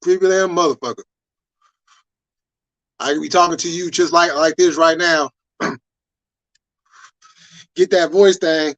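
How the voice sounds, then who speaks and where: A man's voice: fairly high pitch, fairly even intonation, measured pace, pauses often, fairly bright tone, no room sound. A man hosting a livestream, chatting with viewers in a loose, rambling way full of cursing. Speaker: livestream host. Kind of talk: casual livestream chat.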